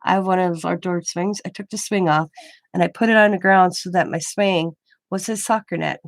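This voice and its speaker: A woman's voice: fairly low pitch, fairly even intonation, fairly quick, dry recording. An older woman, a grandmother, telling a rambling story in casual chat, with many restarts. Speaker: craft vlogger.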